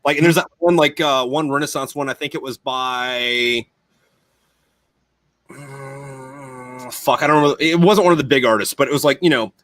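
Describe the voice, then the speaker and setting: A man's voice: mid-range voice, steady tone, normal speed, a bit bright, dry recording. A man in casual podcast chat who tells stories in a rambling, profane way.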